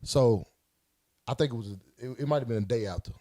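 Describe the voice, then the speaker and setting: A man co-hosting a podcast in casual chat, telling stories in an animated way and mimicking other people's voices. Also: mid-range voice, brisk. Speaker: podcast co-host.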